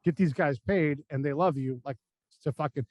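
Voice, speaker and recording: A man's voice: on the high side, moderate pace, a little mellow, dry recording. An American man, a former army combat spy, telling war stories as a podcast guest in a blunt, profane, casual way and acting out the lines of the people in them. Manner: blunt, profane, acts out quoted dialogue in his stories. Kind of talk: casual storytelling chat.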